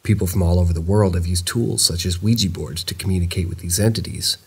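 Low, husky male narrator for scripted horror reads, measured and steady. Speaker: narrator of viewer-submitted stories.

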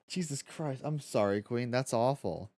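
A man's voice: mid-range voice, slow. A man streaming a video game from home, chatting casually with viewers, reading and answering chat, swearing freely and laughing often.

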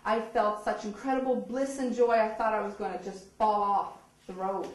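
A woman giving a lively storytelling speech, often laughing and acting out the voices of people in her story. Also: medium pitch, normal speed. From eastern Canada. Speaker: speaker telling her story. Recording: echoey hall, distant mic.

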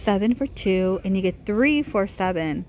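A woman's voice: medium pitch, lively intonation, moderate pace, a little mellow, a little hiss or hum. A woman vlogging a casual shopping walkthrough in a big store, chatting about prices and gushing over cute items as she films on her phone. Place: inside a large retail store.

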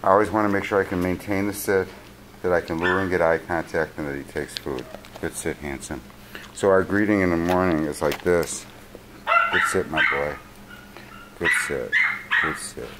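Calm low-voiced male dog trainer. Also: brisk, rough recording. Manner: calm, short commands and steady praise to a dog. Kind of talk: filming a training session and explaining. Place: indoors at a kennel facility. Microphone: handheld camera mic. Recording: loud background noise, dogs barking.

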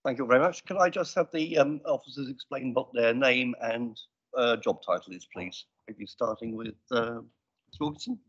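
Male committee chair, brisk procedural delivery on a desk mic in a council chamber, dull lo-fi stream. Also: mid-range voice, a bit bright, slightly rough. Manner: brisk, businesslike with dry asides. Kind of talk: formal meeting procedure. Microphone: desk microphone.

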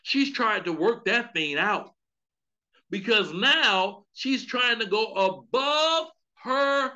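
Bright-voiced, animated male preacher. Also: high voice, slow, lo-fi sound. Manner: animated, comedic storytelling with outbursts. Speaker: pastor. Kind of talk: sermon at an online Bible study.

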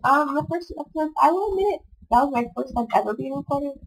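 Here a young gaming vlogger, sick and sniffling, talks at a quick pace with lively intonation. Her casual commentary over gameplay is chatty, self-deprecating and wandering, recorded in low-quality home computer audio on her computer mic.

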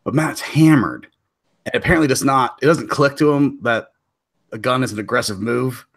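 A relaxed male comedian telling a story, trailing off and starting over as he goes. He talks at an even, middle pitch and sounds unhurried. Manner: laid-back, trails off and restarts, laughs while telling. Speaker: comedian guest. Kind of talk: casual storytelling chat.

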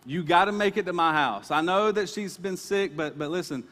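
A man's voice: high-pitched, normal speed, fairly bright tone, voice pushed up. Desperate middle-aged dad voiced by a man, frantic, stammering, urgent; reverberant hall. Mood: frantic pleading. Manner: pleading, urgent, stammering repeats.

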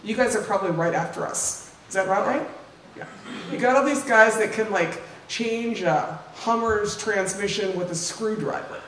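A woman's voice: medium pitch, normal speed, a little hiss or hum. An older woman giving an informal public talk with slides, chatty and full of asides and tag questions to the audience. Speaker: invited speaker. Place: lecture room. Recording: roomy, distant mic, faint ambience.

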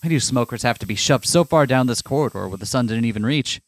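A man hosts a let's play and reads the story text aloud, leaning into the drama of the lines. Between passages he drops into joking asides with his co-player. His voice sits at an everyday pitch. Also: expressive, quick pace. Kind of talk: reading a visual novel aloud with casual commentary.

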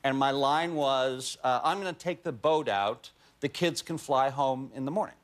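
A man's voice: medium pitch, normal speed. A man in his forties, a guest actor telling a self-mocking anecdote on a talk show. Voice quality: animated, self-mocking storytelling.

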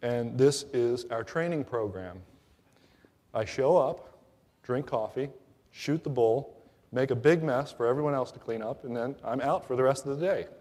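A man's voice: mid-range voice, normal speed, darkish tone, lightly acted. A man voicing a smug, self-satisfied male congressman in a told joke, heard with a long hall reverb.

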